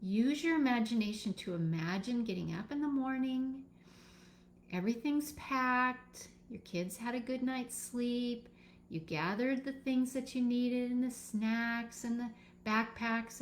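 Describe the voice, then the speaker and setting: Calm woman coaching step by step. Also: a little high, a little hiss or hum. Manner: calm, instructive, guiding step by step with pauses. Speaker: birth educator. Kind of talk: live teaching session.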